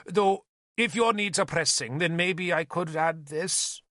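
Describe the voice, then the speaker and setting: A man playing a shrill, hysterical bishop. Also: unhurried, sharp tone, no room sound, clean studio sound. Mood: scheming. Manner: melodramatic wailing, shrieking pleas. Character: pompous greedy male bishop, shrill and hysterical. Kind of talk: audiobook character voice.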